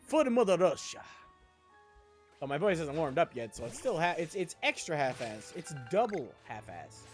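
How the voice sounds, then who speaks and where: A man's voice: fairly high pitch, big pitch swings, normal speed, soft background music. A young man streaming live, chatting casually while he plays a game, rambling with jokey asides. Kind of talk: casual chat while gaming.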